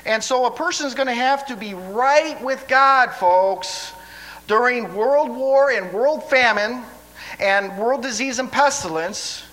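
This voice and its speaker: Guy preaching a sermon, folksy and stammery, kinda high bright voice. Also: slow, low-quality recording. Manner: stammering restarts, folksy asides.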